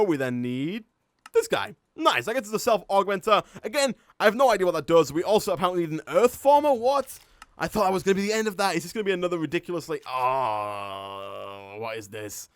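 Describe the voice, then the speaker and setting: A man with a Yorkshire accent, his voice sitting a little higher than most men's, gives chatty live-stream commentary over a game. He thinks aloud and laughs often. The recording is dry and close, with almost no room sound. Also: dry recording. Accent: Yorkshire English. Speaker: gaming streamer.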